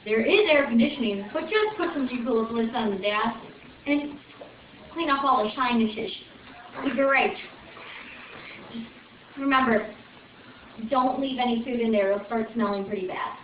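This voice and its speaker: A woman's voice: on the high side, moderate pace, pauses often, a little hiss or hum. A young woman from Chicago doing a rambling, exasperated stand-up rant with chatty asides to the crowd. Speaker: open mic comic. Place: small open mic venue on stage. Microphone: far camera. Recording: echoey room from far off, dull lo-fi video.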